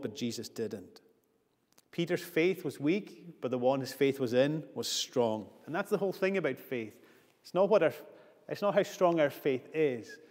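A man's voice: medium pitch, a little mellow. A man preaching a sermon earnestly, building his points with repeated phrases. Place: church. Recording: long church reverb.

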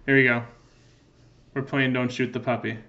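A man's voice: mid-range voice, flat delivery, normal speed, sharp tone, muffled recording, slight background noise. A man giving joking let's-play commentary in a playful, goofy way, answering in mock meows. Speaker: gaming video creator.

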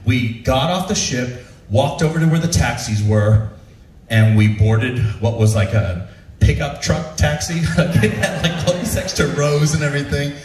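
A male comedian telling stand-up stories in an animated way, often laughing at his own material. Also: medium pitch, unhurried, a little hiss or hum. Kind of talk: stand-up storytelling. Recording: roomy, from far off.

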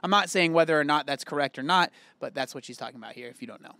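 A man's voice: fairly high pitch, very fast, pushed and bright, no echo. A man casually reacting to a video, candid and chatty, thinking aloud as he comments. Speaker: reaction host.

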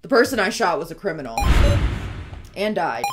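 Lady doing a gruff sad cop guy, lowered voice, loud game music behind. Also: sing-song, normal speed. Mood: grim. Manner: grave, self-loathing. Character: brooding troubled male cop, world-weary. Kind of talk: reading a game aloud.

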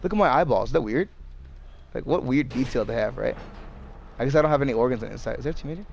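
A man's voice: medium pitch, animated, racing, gravelly, a little mellow, a little hiss or hum. A young man giving casual, exasperated commentary over a game he is playing, swearing often and talking to himself and the game. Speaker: gameplay streamer.

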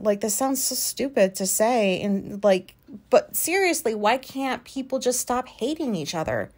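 A woman's voice: mid-range voice, animated, unhurried, a little mellow. A woman in her thirties talks through a loose solo podcast episode from her recliner at home. Her delivery is casual and frank, full of fillers, and she swears without hesitation. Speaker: podcast host.

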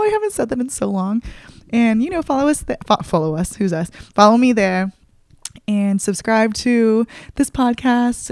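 A woman's voice: a little high, a little mellow, dry recording, clean studio sound. A young adult woman hosting her own podcast in casual solo chat, talking in an open, emotional way with many fillers. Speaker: podcast host.

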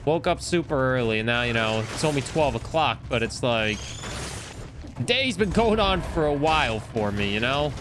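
A man's voice: mid-range voice, animated, moderate pace. Chatty young male streamer over game music. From Canada. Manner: chatty, rambling, self-deprecating. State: tired, yawning. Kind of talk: casual gameplay commentary.

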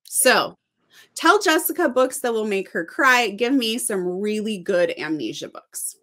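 A woman's voice: on the high side, unhurried. A woman, a teacher and co-host of a book channel, talking casually and expressively about books she loved. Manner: expressive, animated storytelling.

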